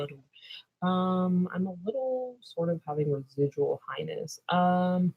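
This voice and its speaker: A young woman vlogger with a lowish, slightly slow, dark voice answers viewer questions in a casual livestream Q&A. She rambles drowsily, often trailing off into mumbles, and the audio sounds dull.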